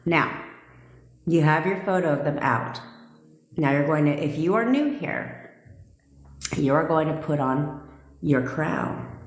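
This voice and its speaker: Woman live-streaming as a coach, low voice, tough and foul-mouthed, a roomy echo around her. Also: animated, takes it slowly, pauses often. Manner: bossy, blunt and profane, with frequent "okay?".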